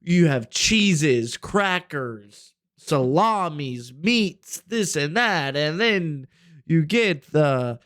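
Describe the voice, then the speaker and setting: A man's voice: a little high, lively intonation, extremely slow, fairly bright tone, no echo, studio quality. A young man co-hosting a podcast, telling a long rambling story in casual chat, full of fillers and swearing. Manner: rambling, profane, filler-heavy. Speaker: podcast co-host.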